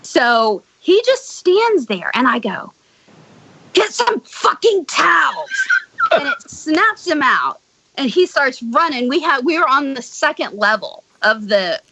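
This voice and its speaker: Bright-toned woman telling a wild story. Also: high-pitched, measured pace, slight background noise, rough recording. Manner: blunt, swears freely, animated retelling. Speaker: podcast guest. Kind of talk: casual storytelling.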